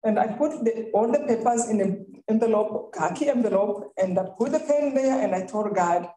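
A woman's voice: on the high side, normal speed, a little hiss or hum. Rwandan woman telling a faith story. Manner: lively, laughing storyteller. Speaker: guest speaker. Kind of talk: faith-based storytelling talk. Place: college event hall. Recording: echoey room.

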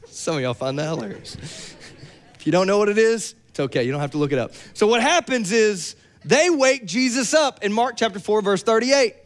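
A young adult man preaching a sermon, lively and joking with playful asides. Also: high-pitched, moderate pace. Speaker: pastor.

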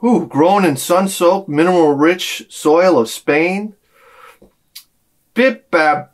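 This YouTube collector speaks slowly in a high-pitched male voice. Hosting a laid-back unboxing video, he wanders from story to story with lively exclamations.

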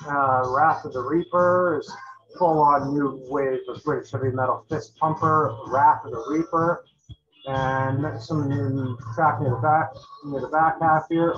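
A man's voice: a little high, fairly bright tone. A man casually running through albums he owns, talking in a loose, rambling way with many fillers and restarts. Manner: enthusiastic metal fan talk. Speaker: channel host reviewing albums. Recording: dull lo-fi recording.

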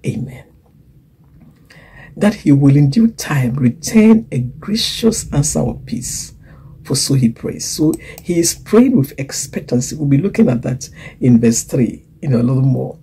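A woman preaching a sermon, swinging from loud emphasis to hushed whispers and acting out the voices she quotes. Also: rumbling low, animated, moderate pace, slightly rough, low-quality recording. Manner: acts out quoted voices and laughs between points.

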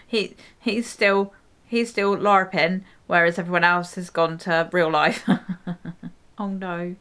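A woman's voice: lowish voice, fairly even intonation, slow pace, a bit bright, smooth. A woman hosting a reaction video, chatting casually, full of exclamations and frequent laughter.

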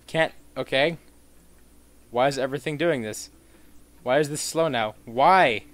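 A man giving gameplay commentary, swearing freely and swinging into mock-outraged rants and sudden shouts. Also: a little high, expressive, takes it slowly, pauses often, no echo.

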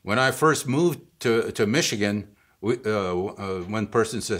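A man's voice: on the low side, animated, a little slow, a bit bright, breathy edge. A man giving a casual vocabulary lesson, patient and chuckling often, checking in with the listener after each word. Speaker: language teacher.

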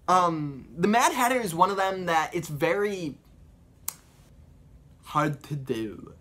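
A man's voice: high-pitched, big pitch swings, takes it slowly, long pauses, a bit bright. A young man chatting casually about voice impressions, rambling and explaining with many fillers. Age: young adult. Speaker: vlogger doing voice impressions. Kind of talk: casual chat.

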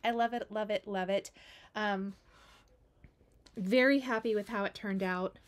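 A woman's voice: mid-range voice, a little slow. A woman hosting a cross stitch video, chatting casually and gushing over her finished pieces, repeating words for emphasis. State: has the hiccups. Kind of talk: casual show-and-tell chat.

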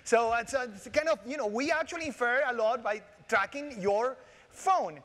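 A man with a Latin American Spanish accent delivers a keynote in a large conference hall, and the long reverb of the room trails after his words. His voice sits high for a man. He jokes with the audience and restarts his sentences often. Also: normal speed. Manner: animated, joking, with frequent restarts and fillers. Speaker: keynote speaker.

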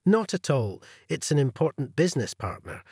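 A man voicing a gracious older male company president who speaks warmly and politely. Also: mid-range voice, very animated, moderate pace, slightly rough, dry recording, clean studio sound, full character voice.

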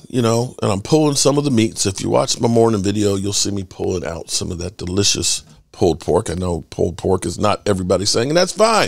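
A middle-aged man hosting his sports channel, chatting casually and rambling through stories with lively swearing. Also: medium pitch, vocal fry, no echo, studio quality. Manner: animated storyteller, swears freely. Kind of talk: casual rambling fan chat.

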